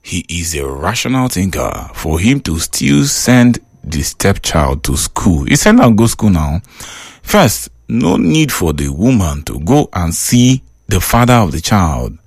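Lively Nigerian man hosting a chat show. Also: sits low, a little slow, vocal fry, breathy edge, no room sound, studio quality. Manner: animated, laughing, switching into Pidgin. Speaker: show host. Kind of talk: casual chat reading out listener comments.

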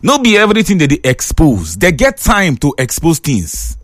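Animated Nigerian man preaching in sing-song. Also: on the high side, moderate pace, dry recording, clean studio sound. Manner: dramatic, sing-song, playful retelling. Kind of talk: animated Pidgin Bible storytelling.

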